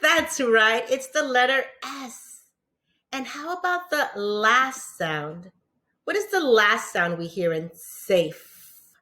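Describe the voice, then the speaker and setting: A woman teacher with a New York accent giving a patient lesson to young children, pausing for answers and praising them often. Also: on the high side, animated, bright, forceful tone. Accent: New York English. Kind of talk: slow, encouraging classroom lesson for young children.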